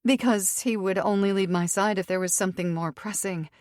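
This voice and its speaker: A woman's voice: medium pitch, steady tone, brisk, a little mellow, dry recording, pitched above the performer's own voice, lightly acted. Woman voicing an anxious young female healer, breathless questions, raised strained voice, dry close recording, audiobook. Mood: alarmed. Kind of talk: audiobook character reading.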